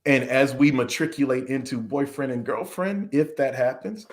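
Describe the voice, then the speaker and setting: A man's voice: mid-range voice, moderate pace. A man from the American South, a podcast interview guest, talking at length in a frustrated way and acting out the questions he was asked. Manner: frustrated, long-winded, acts out quoted questions.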